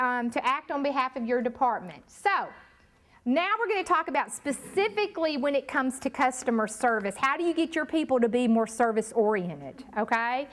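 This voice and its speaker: Woman, high voice, workshop trainer, emphatic, talks to the room. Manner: lively, emphatic, addresses the room as y'all. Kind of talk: live training workshop talk.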